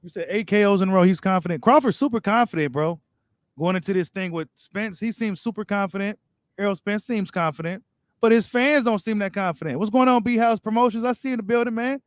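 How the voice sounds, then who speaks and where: A man with a fairly high voice hosts a boxing live stream. He reads viewer comments and answers them in loose, slangy chat. The sound is close and dry, with no room around it. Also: fast, dry recording. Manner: casual, slangy, talks straight to viewers. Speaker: boxing channel host.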